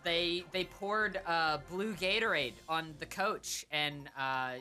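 Young guy, halting and unsure, game music clearly under him. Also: a little high, pushed and bright. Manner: hesitant, halting, full of uhs. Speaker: co-player. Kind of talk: casual gaming banter.

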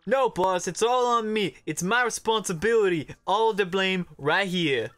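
A man's voice: high-pitched, a little slow, fairly bright tone, pitched above the performer's own voice. A man voicing a loyal young mafia henchman, earnest and apologetic, in close to his own voice. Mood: pleading.

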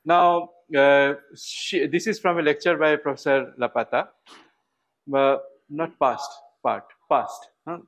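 A man with an Indian English accent teaches a class in a lecture hall. His voice sits a little high for a man. He keeps asking the students questions and repeats words to drive a point home. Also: fairly even intonation, takes it slowly, a bit bright. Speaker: university lecturer.

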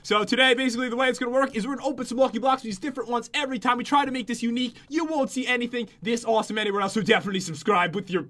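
A man's voice: extremely high pitch, very fast, few pauses, pushed and bright. A man hosting a casual let's-play video, joking, punning and teasing his co-host. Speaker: gaming channel host.

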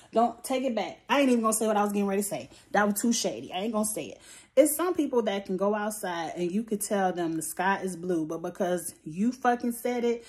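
A woman giving a blunt, profane, animated review of a reality show in a casual vlog. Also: mid-range voice. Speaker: reality TV recap vlogger. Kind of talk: casual opinionated commentary.

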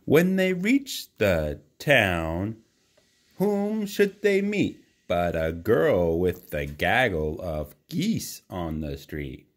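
A man reads a children's storybook aloud at an unhurried pace. His pitch swings widely as he tells it. He stops to ask the child questions about the pictures. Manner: slow, lively read-aloud, voices for the characters, chats with the child. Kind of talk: reading a picture book aloud.

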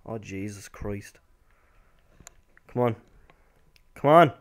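A young man giving casual, rambling commentary over a football video game, with sudden excited outbursts. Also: on the low side, slow pace. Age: young adult. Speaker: gameplay commentator.

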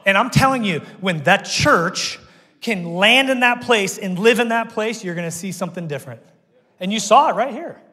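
A man preaching to his congregation, his voice sitting a little high as he tells the stories with lively energy. He slips into the voices of the people he quotes. His words ring out with the long reverb of a church hall. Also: moderate pace, slightly rough. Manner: animated storytelling, acts out quoted voices. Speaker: pastor. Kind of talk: sermon. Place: church auditorium.

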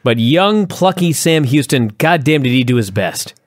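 Male podcast co-host: animated, sarcastic, swears freely, lively pitch, dry close sound. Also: moderate pace, no room sound. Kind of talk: casual review chat.

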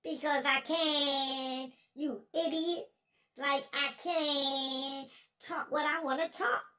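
A man's voice: very high-pitched, fairly bright tone, voice pushed up, full character voice. A man putting on the voice of a whiny, petulant grown man who sobs and wails over his losses. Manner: bratty, defiant, then wailing.

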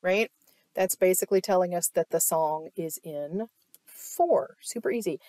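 A woman's voice: fairly low pitch, measured pace, mellow, slight background noise. A woman teaching an online music theory lesson, explaining step by step and often checking in with "right?". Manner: explanatory, asks "right?" often, claps to demonstrate.

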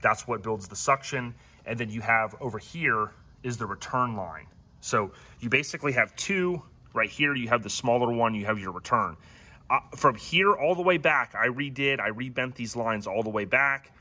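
A man's voice: medium pitch, normal speed, breathy edge. A man hosting a casual, rambling walkaround of his classic car, giving owners tips. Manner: relaxed and rambling, many ums and restarts.

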